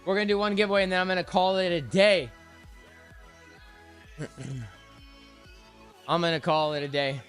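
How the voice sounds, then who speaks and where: A man's voice: high voice, steady tone, normal speed, pauses often, fairly bright tone. A young man hosting a crypto trading livestream, chatty and hyped, talking straight to his chat while sounding tired. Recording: music playing faintly behind.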